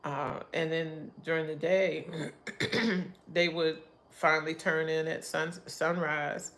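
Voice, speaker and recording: A woman's voice: deep voice, little pitch movement, slow, fairly bright tone. A middle-aged woman hosting a casual livestream, chatting in a rambling way and laughing often. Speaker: livestream host.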